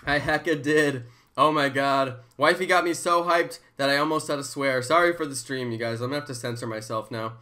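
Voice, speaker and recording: Bright, hyped-up streamer in his thirties. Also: on the high side. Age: 30s. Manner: excitable, hyped, chanting. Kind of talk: casual live-stream chat.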